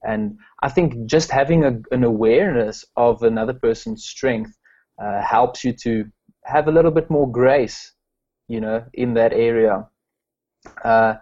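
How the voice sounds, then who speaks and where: A man's voice: mid-range voice, darkish tone, dull audio. A man from South Africa, a strengths coach, answering interview questions with many fillers and restarts.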